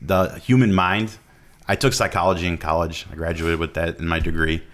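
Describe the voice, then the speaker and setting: Male podcast guest, very low voice, loose rambling explanations. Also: steady tone, brisk, a bit bright. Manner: rambling explainer, many fillers and restarts. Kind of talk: casual podcast chat.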